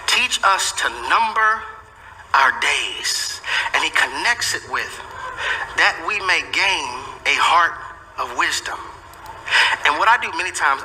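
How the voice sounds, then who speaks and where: A man's voice: on the high side, pushed and bright, slight background noise. A man preaching a sermon as a pastor, emphatic and repeating his key phrases for effect. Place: church sanctuary. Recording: echoey sanctuary with long reverb.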